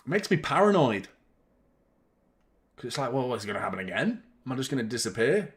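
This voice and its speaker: A man's voice: mid-range voice, very animated, fairly quick. A young man hosting a live football watchalong, chatting about the match and swearing at the referee. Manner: fan reacting to play, swears and shouts at the referee. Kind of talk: live match commentary and chat.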